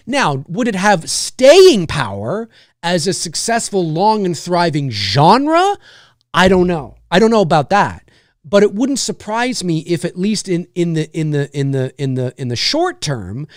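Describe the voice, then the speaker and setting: A man's voice: sits high, sing-song, moderate pace, dry recording, clean studio sound. A man hosting a casual livestream, thinking aloud and rambling with lots of restarts, candid and casual with occasional swearing. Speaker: livestream host. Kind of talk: casual chat.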